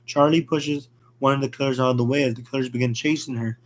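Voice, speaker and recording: A man narrating a fan horror story in a plain, rushed reading with slips. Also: medium pitch, fairly even intonation.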